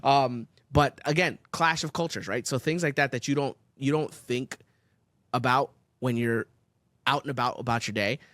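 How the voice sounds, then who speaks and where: At a normal speed and medium pitch, a man co-hosts a podcast, his voice captured with clean studio sound and no room echo. He spins animated stories in casual chat, laced with profanity and plenty of laughter.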